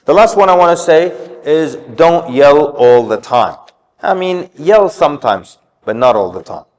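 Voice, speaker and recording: A man's voice: a little high, animated, measured pace, darkish tone. A man giving an informal religious talk on parenting, telling stories and acting out what people said. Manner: storytelling, acts out quotes. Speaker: community speaker. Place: mosque hall. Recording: long hall reverb.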